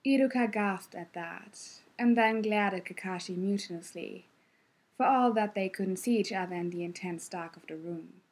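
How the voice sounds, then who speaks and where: A woman reads fiction aloud in a soft hush. Her voice is breathy and a little husky, and she keeps it quiet and close. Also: medium pitch, moderate pace. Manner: soft, hushed, close delivery. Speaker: reader. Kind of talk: hushed audiobook-style fan fiction narration.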